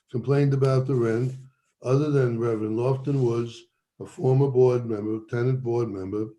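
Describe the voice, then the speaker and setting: A man with a mellow, dark voice addresses a public board as the owners' representative. He speaks in a measured, formal way and leans on key words as he reads a statute aloud. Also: mid-range voice, low-quality recording. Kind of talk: formal public-meeting presentation.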